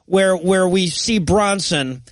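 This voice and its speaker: A man with a fairly high voice, recorded close and dry. He co-hosts a comedy podcast, dishing out wry, mocking commentary in loose, casual banter. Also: slow pace, dry recording, soft background music.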